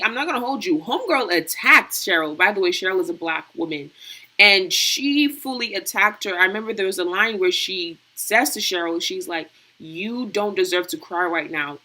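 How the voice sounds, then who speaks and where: Bright-voiced, emphatic woman host. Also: fairly low pitch, poor audio. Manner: emphatic, blunt, slangy. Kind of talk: casual panel discussion.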